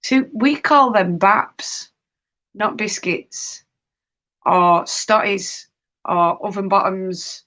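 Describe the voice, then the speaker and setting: A woman chats on a live stream while she knits at home. She speaks slowly and at an everyday middle pitch. She reads viewer comments aloud and answers each one in a casual, chatty way. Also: fairly bright tone. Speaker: livestream host.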